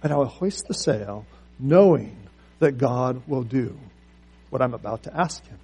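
Husky-voiced preacher, warm and earnest. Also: male voice, medium pitch, lively intonation, a little slow. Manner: earnest, storytelling, repeats words as he restarts. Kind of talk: sermon.

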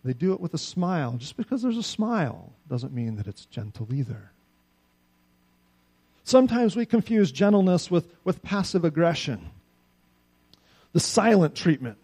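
A middle-aged man delivers a sermon with an easy, conversational warmth, tossing rhetorical questions to his listeners. His voice sits a little higher than most men's yet sounds mellow and soft-edged. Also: normal speed, pauses often, slightly rough. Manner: conversational, animated preaching with frequent rhetorical "right?". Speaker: pastor.

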